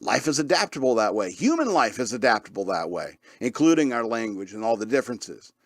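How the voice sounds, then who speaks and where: A man's voice: medium pitch, sing-song, fairly quick, no echo, studio quality. A man hosting a radio show, talking in a casual, rambling way with frequent chuckles and restarts. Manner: rambling, chuckles often, many fillers and restarts. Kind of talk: casual rambling podcast chat.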